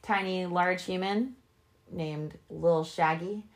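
Taking it slowly in a lowish voice, a young woman co-host spins profane, animated stories on a casual podcast chat, laughing often and keeping things loose.

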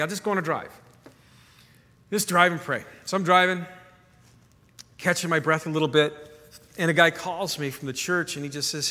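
A man preaching with earnest, stumbling repetition, his voice bright and forceful and pitched a touch high. His sermon rings out with a long hall reverb behind it. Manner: earnest, repeats words when stirred. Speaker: pastor.

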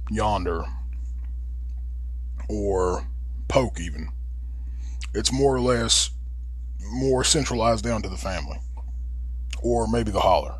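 A man's voice: fairly low pitch, slightly rough, no echo. A man with an Appalachian accent hosting a podcast, talking in a casual, rambling and blunt way and swearing freely. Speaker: podcast host. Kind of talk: casual monologue.

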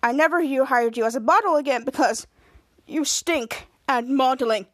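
A woman's voice: high voice, moderate pace, a bit bright, no echo, clean studio sound, pitched below the performer's own voice. A woman quoting a haughty, blunt female fashion boss in a cutting manner while recapping a show.

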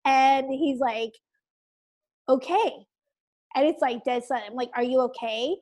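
A woman's voice: sits high, normal speed. A woman in her forties, a podcast guest, telling a story casually and animatedly, acting out quotes, saying "like" constantly and laughing often. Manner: animated retelling, acts out quotes, says "like" constantly.

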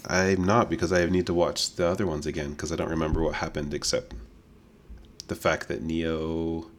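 Deep-voiced man co-hosting a podcast. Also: little pitch movement, moderate pace. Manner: laughs often, teasing. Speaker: podcast co-host. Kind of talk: casual chat.

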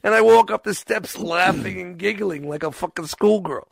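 Gravelly man, blunt and profane, casual podcast chat, dry close sound. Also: sits high, normal speed, hardly any pauses, no echo. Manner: blunt, swears constantly, animated storytelling.

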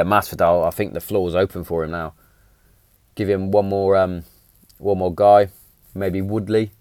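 A man's voice: low-pitched, darkish tone, clean tone, no room sound. A man, telling stories in a blunt, chatty way, often repeating himself and swearing. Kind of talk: casual storytelling monologue.

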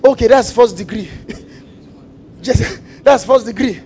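High-voiced preacher, emphatic. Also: male voice, slow, breathy edge, poor audio. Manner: emphatic call-and-response preaching with repetition; shifts between loud shouting and quiet asides. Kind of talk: sermon.

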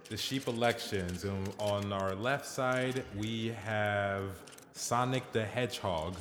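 A man's voice: on the low side, slow pace, fairly bright tone, a little hiss or hum. A man moderating a mock debate on a podcast, mock-formal and laughing. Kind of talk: casual comedic chat. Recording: echoey room with long reverb.

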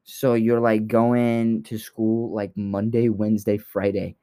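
A man's voice: on the low side, flat delivery, takes it slowly, mellow. A young man co-hosting a podcast, talking in a rambling casual way with many fillers and turning heated and blunt when riled. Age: young adult. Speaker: podcast co-host.

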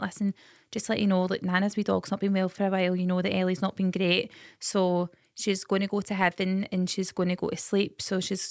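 A Scottish woman co-hosting a podcast, telling family anecdotes in a lively, chatty way. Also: medium pitch, no room sound, studio quality. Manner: animated storyteller. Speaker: podcast co-host. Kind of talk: casual chat.

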